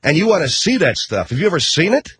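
Middle-aged male talk host, rambling sarcastic comic rant, husky and very animated in pitch. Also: quick pace, no echo. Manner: rambling, sarcastic, swears casually, self-interrupting. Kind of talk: comedic rant monologue.

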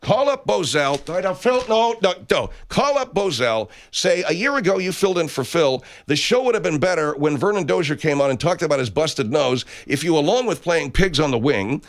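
A man hosting a comedic radio show, mocking and animated. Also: a little high, brisk, few pauses. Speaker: radio host.

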